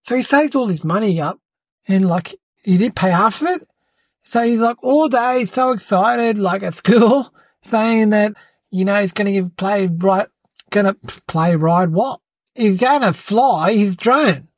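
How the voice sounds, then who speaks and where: In a comedic character monologue, an adult plays a cheeky young boy with his own podcast who boasts, rambles, fibs and often calls people "mate." The medium-pitched voice has lively intonation and an unhurried pace, with no room sound.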